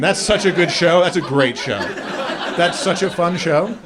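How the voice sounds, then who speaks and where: A man doing a stand-up comedy set on a club stage, with self-deprecating, deadpan asides. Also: high voice, normal speed, background noise. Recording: live club crowd audible. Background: audience laughing.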